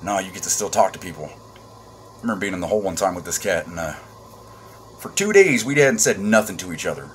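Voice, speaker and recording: Animated, swearing man telling a comic story. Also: low voice, fairly quick, a little hiss or hum. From Arizona, USA. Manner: animated and profane, with sudden swings from loud bursts to hushed asides. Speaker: comedic storyteller. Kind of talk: casual comedic storytelling vlog.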